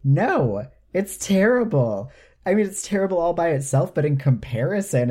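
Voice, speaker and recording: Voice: mid-range voice, sing-song, moderate pace, dark tone. A podcast co-host in casual chat, ranting with indignant sarcasm.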